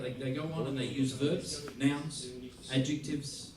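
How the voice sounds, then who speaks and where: Animated man teaching in a roomy hall. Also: mid-range voice, unhurried, few pauses, recorded from a distance, crowd noise. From Australia. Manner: lively, playful, acts out little scenes. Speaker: music teacher giving a masterclass. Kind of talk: masterclass talk. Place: large theater hall. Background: audience laughter.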